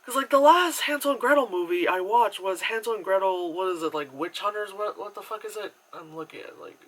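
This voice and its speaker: Rambling, bright-voiced man reviewing a movie. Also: high voice, a little fast, poor audio. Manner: rambling, heavy on fillers, swears casually. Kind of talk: casual spoken review. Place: at home, indoors.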